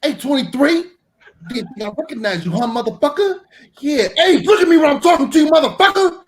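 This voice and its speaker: Guy doing an unhinged, shrieking tough guy, high and wildly swinging, noisy crowd behind. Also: lively intonation, brisk. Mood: furious. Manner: shouting, rough street insults. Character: furious menacing man yelling threats.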